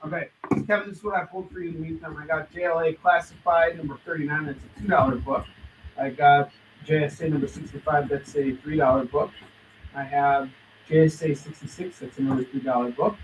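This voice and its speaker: A man with a fairly high, fairly even voice talks a little fast over a noisy background. He's hosting a live stream comic book sale, rattling off titles and prices in hustling sales patter. The stream audio is distant, dull and lo-fi.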